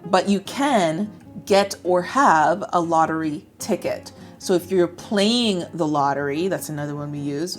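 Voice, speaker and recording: A woman with an American accent teaching English to camera in a chatty, upbeat way. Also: lowish voice. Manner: chatty, upbeat, acts out example phrases. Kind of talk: explaining lesson to camera.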